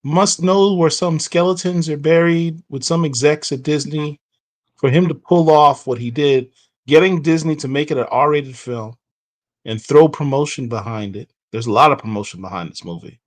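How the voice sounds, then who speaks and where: An excitable man co-hosts a comics chat show, firing off questions and reactions. His voice sits on the high side. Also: normal speed. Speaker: podcast co-host. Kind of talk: casual chat.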